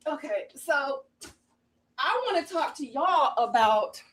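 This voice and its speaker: A woman's voice: sits high, animated, slow pace, a bit bright. A woman in her forties, a former model, giving a casual, emphatic recap straight to camera, often tagging lines with "okay?" and "honey". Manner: sassy and emphatic, keeps adding "okay?" and "honey". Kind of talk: casual recap chat to viewers.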